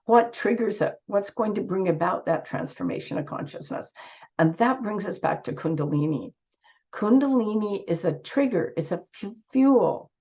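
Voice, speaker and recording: A woman giving an earnest online talk with slides, her voice squeaky from a cold and her phrasing full of restarts. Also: lively intonation, moderate pace, darkish tone. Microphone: video call. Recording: dull lo-fi video call audio.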